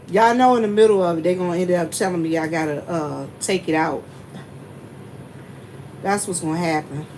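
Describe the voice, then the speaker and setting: Chatty woman at a store, humming background. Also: mid-range voice. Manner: chatty, repetitive, addresses viewers as y'all. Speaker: store clerk vlogging at work. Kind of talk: casual chat to viewers. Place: gas station store. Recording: humming air conditioning noise. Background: air conditioner hum.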